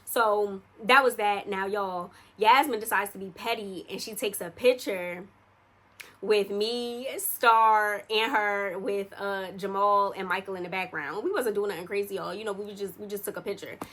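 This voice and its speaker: A young woman in the middle of a casual storytime, her voice sitting at an ordinary pitch. She chats loosely and talks straight to her viewers, with plenty of slang. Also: fairly even intonation, moderate pace, fairly bright tone. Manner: chatty, addresses viewers directly, slangy. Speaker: vlogger telling a story.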